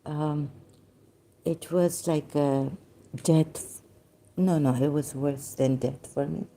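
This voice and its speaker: Hoarse lady rambling to camera, dark mellow voice, faint hiss behind. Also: deep voice, fairly even intonation. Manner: halting, many pauses and fillers. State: hoarse, losing her voice. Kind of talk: personal video monologue.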